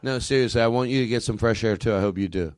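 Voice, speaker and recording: A man's voice: mid-range voice, fast, a little hiss or hum. A man hosting a live comedy show on a club stage, loose, profane and often laughing. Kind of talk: live stand-up banter on stage.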